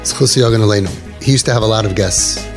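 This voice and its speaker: A man's voice: lowish voice, fast, over music. Earnest man giving a parenting talk. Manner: earnest, emphatic, repeats key phrases. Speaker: parenting coach speaking to parents. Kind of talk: inspirational talk with storytelling.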